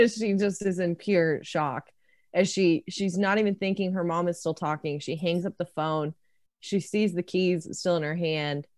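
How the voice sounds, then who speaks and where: A woman's voice: sits low, a little mellow, no room sound, studio quality. A woman player in a tabletop horror game, narrating her character's actions with emotion and frequent laughter.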